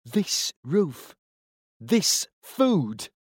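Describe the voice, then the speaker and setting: A man voicing an angry, sharp-tongued peasant wife who scolds and shouts at her husband. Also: a little high, very animated, very slow, breathy edge, no room sound, clean studio sound, pitched above the performer's own voice, exaggerated voice. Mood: furious.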